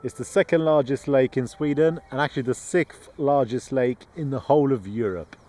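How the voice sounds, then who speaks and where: A man's voice: medium pitch, normal speed, dark tone, soft background music. A man chatting casually in a travel vlog outdoors, playful and joking about his own pronunciation. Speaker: travel vlogger. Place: outdoors on a road trip.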